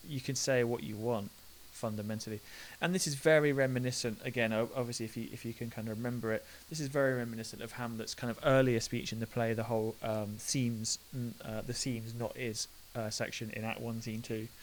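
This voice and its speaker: A man's voice: mid-range voice, flat delivery, normal speed, low-quality recording. A man, teaching a literature lesson in a chatty way and putting old verse into slangy everyday speech. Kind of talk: talking through a play line by line. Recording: faint hiss.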